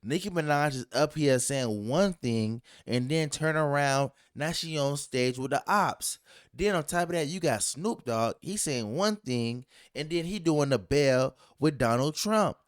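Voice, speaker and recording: A man's voice: a little high, lively intonation, unhurried, clean tone, dry recording, studio quality. A man co-hosting a podcast in casual chat, talking in rambling, emphatic runs. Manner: rambling, emphatic, laughs a lot. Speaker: podcast co-host.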